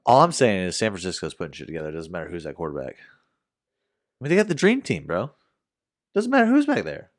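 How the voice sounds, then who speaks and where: A young man co-hosting a podcast, chatting casually about football with slang and loud laughs. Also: sits low, wildly swooping pitch, brisk, pauses often. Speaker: podcast co-host. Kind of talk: casual chat.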